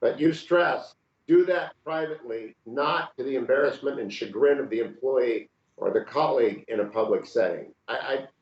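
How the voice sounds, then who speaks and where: A man's voice: mid-range voice, normal speed. A man in his sixties hosting an interview, steering the talk with direct questions. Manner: steering, direct, gives pointed follow-up questions. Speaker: host. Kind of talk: conversational interview. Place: room, remote video call. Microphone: video call mic. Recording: roomy, dull video call audio.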